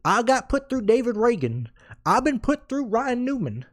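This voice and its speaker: A man's voice: very high voice, big pitch swings, normal speed, pitched above the performer's own voice. A man mimicking a complaining male radio caller, an upset fan griping in a raised voice. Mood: whining. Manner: complaining, exasperated.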